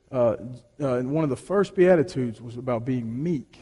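A man preaching a sermon in a conversational, storytelling way, often restarting his sentences and swinging between hushed and emphatic delivery. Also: mid-range voice, moderate pace, long reverb tail. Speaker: pastor.

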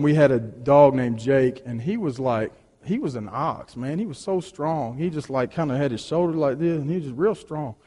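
A man preaching a sermon in a conversational, storytelling way, often restarting his sentences and swinging between hushed and emphatic delivery. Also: on the high side, in a large hall. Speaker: pastor.

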